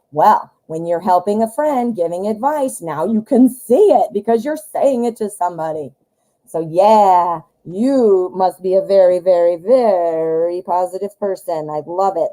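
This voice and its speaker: Woman host, chatty live tarot reader, mellow tone, lively delivery. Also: on the low side, poor audio. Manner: chatty, animated, greets viewers by name. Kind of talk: casual live-stream chat.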